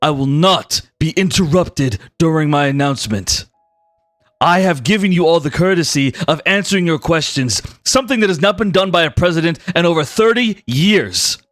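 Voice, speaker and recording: A man's voice: a little high, fairly bright tone, no echo, studio quality. A man doing a stern president giving a speech. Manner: measured, commanding address.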